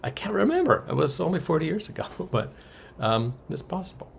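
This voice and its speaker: A man's voice: fairly high pitch, big pitch swings, fairly quick, creaky, slight background noise. A man co-hosting a podcast, casually recapping soap opera episodes with wry asides and chuckles. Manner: wry, chuckles through summaries, many ums and uhs.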